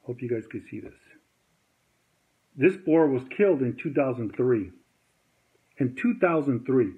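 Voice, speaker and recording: A man's voice: mid-range voice, lively intonation, a little slow. A man telling a heated story to camera in a rambling, agitated way, acting out the dialogue he quotes. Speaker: vlogger. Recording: tinny phone-like sound.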